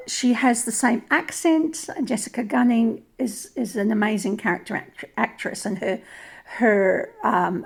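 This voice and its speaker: A woman with a New Zealand or Australian accent offers thoughtful opinion commentary, often restarting and repeating words. Her voice is a little high and gravelly, with a darkish tone and a breathy edge.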